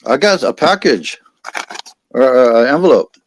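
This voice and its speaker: A man's voice: mid-range voice, big pitch swings, normal speed, a little hiss or hum. A man with an American accent hosting a casual livestream chat, rambling and reading viewer comments aloud. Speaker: livestream host.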